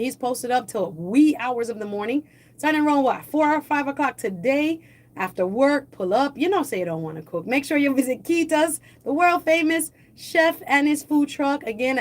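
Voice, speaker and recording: A woman hosting a live talk show in a studio, chatting and reading the news, often repeating points to her listeners. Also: high voice. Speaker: host.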